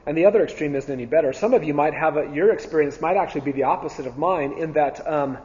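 A man with a slightly raised voice teaches a Bible class, earnest and repetitive, pausing on ums and restarting phrases. His voice carries a long hall reverb and sounds a little dull and muffled. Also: a little high, darkish tone. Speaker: church teacher.

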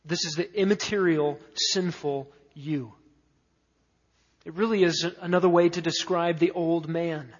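A man's voice: fairly high pitch, steady tone, measured pace. A man preaching an expository sermon, emphatic, stacking lists of words with rising force. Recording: dull, echoey hall sound.

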